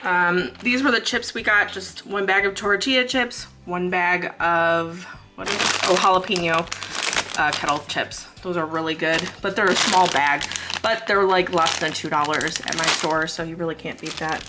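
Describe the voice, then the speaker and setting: In a very noisy recording, a Southern US vlogger in her thirties chats about her grocery haul. She speaks at a moderate pace in a lowish voice, wandering off-topic and filling gaps with lots of fillers.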